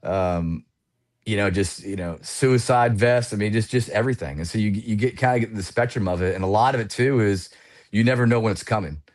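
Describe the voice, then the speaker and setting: A man in his forties with a lowish voice tells his war stories at a fast clip as a podcast guest. He is animated and peppers his talk with casual "you know" fillers. His delivery is relaxed and conversational. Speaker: podcast guest, retired Air Force pilot.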